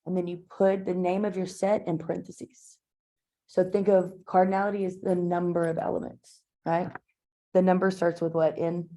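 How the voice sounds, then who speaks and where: A woman lectures a math class in a classroom, her voice sitting a little low. She talks in a chatty, informal way, full of fillers and side remarks to the students. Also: mellow. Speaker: math teacher.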